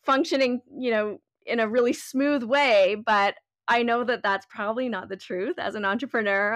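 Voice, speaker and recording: A woman's voice: on the high side, fairly bright tone, no echo. A woman hosting an interview, asking questions in an admiring, casual way. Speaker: interview host.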